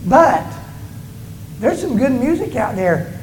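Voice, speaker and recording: A male pastor preaches in church with a very high, sing-song voice, captured in poor audio with a bit of hiss or hum. He drives his sermon home emphatically, pitch going up and down and pace slowing on stressed words.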